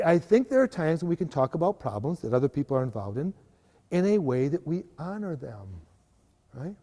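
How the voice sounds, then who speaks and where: A man giving a lively live workshop talk to a parish group, often asking the audience to agree. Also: a little high. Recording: live hall recording with long reverb.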